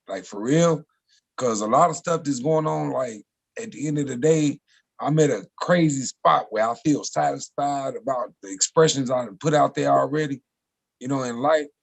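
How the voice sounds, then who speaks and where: Gravelly reflective man. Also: mid-range voice, poor audio. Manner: reflective, street-casual. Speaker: guest. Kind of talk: casual chat.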